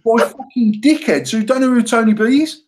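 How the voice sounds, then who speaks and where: A man, co-hosting a casual banter podcast, talking in a sweary, excitable way and laughing often. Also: very high-pitched, fairly quick, rough recording. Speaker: podcast co-host, mod company owner.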